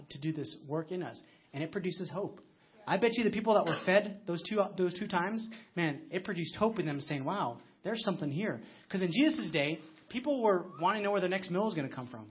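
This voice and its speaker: A man's voice: sits high, animated, fast, slightly rough. A man in his thirties preaching a conversational sermon, telling stories with frequent restarts, recorded with a muffled lo-fi sound. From United States. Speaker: pastor.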